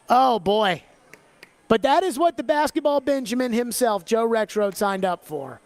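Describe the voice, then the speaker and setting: A man hosting a sports talk radio show, talking in an animated, chatty way. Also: very high-pitched, moderate pace, no room sound. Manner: animated, slips into an exaggerated Southern drawl for bits. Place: radio studio.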